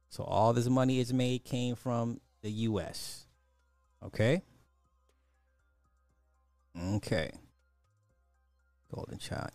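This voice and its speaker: A man's voice: lowish voice, unhurried, long pauses, dark tone, no room sound, faint music behind. A man hosting a podcast, giving casual, sarcastic commentary and thinking aloud as he looks up numbers. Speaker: podcast host.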